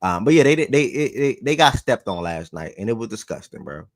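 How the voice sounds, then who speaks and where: A man's voice: fairly low pitch, sing-song, fairly quick, no echo. A man hosting a sports talk show in a loose, slangy way, repeating phrases for emphasis and getting worked up.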